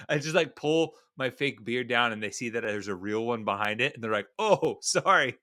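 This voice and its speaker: This is a man in his late thirties chatting casually as a podcast co-host. He rambles, stops to correct himself, and tells an anecdote in a loose way. His voice is recorded dry and close, at an average pitch. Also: fairly even intonation, moderate pace, pushed and bright, no echo. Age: 30s. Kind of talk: casual chat.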